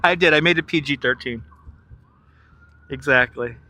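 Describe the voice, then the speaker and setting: A man's voice: mid-range voice, moderate pace, pushed and bright. A man hosting a live stream outdoors, joking, laughing a lot and chatting to viewers on a wireless clip-on mic. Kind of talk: live-stream walking commentary. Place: outdoors in Manhattan by the river.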